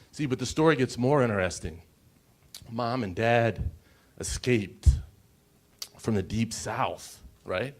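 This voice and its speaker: A man in his forties telling his personal story on a conference stage, emotional and pausing, often asking the audience questions. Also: medium pitch. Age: 40s. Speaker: conference speaker.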